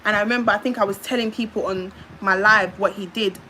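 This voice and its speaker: A young woman with a British accent tells a winding personal story on a phone livestream, circling back and trailing off into repeated filler sounds. Her voice sits at an ordinary middle pitch. A faint background hiss runs under her words. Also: fairly even intonation, fast, sharp tone, low-quality recording. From United Kingdom.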